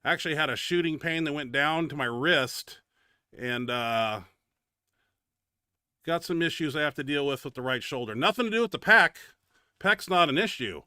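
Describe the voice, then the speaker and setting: A man's voice: fairly high pitch, lively intonation, moderate pace, bright, forceful tone, smooth, no room sound, studio quality. A man hosting a bench press show, giving casual, blunt, profane commentary over his training footage. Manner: blunt and profane, grumbling about his own setback.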